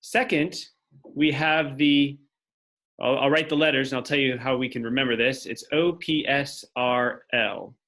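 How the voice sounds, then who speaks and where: A teacher gives a step-by-step classroom lecture, explaining as he goes and thinking aloud while writing on a board. His voice is medium in pitch, steady, slightly slow, and fairly bright.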